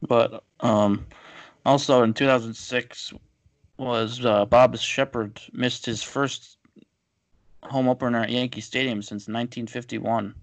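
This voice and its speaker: A man's voice: medium pitch, steady tone, measured pace, no room sound, rough recording. Easygoing man sharing sports trivia. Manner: easygoing, shares trivia with fillers. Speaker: podcast co-host. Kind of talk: casual chat.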